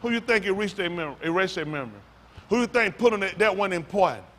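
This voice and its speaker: A male pastor preaching loudly and quizzing his congregation, asking questions and calling on listeners. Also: high voice, sing-song, fast, slight background noise. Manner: loud, rhetorical, questions the congregation. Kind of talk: sermon with audience back-and-forth. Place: congregation hall.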